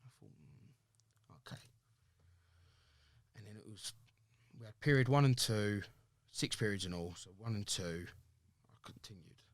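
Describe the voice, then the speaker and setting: A man's voice: lowish voice, unhurried, pauses often, dry recording. A young man, a podcast guest candidly telling personal stories in slangy talk, often acting out other people's words. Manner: slangy, animated, acts out quoted voices.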